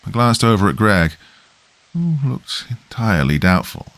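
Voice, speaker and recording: Deep guy reading a horror story, lots of up and down in his voice, dry close sound. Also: big pitch swings, a little slow, a bit bright, no echo. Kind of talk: scripted horror narration.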